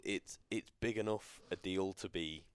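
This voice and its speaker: A man's voice: deep voice, a little slow, smooth, no room sound. A man co-hosting a podcast, chatting casually with laid-back short replies. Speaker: podcast co-host. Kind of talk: casual chat.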